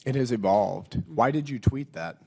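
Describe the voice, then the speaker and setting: A man with a hoarse voice from a cold, a lawmaker questioning a witness at a hearing in blunt, pointed questions and reading quotes aloud. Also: medium pitch, lively intonation, moderate pace, warm tone. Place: hearing room.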